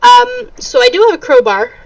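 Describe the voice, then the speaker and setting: A woman's voice: very high-pitched, very animated, normal speed, creaky, no room sound, recorded from a distance, low-quality recording. A woman playing a tabletop game, talking hesitantly with many fillers. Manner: hesitant, full of fillers, swears. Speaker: player. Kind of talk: casual tabletop game play.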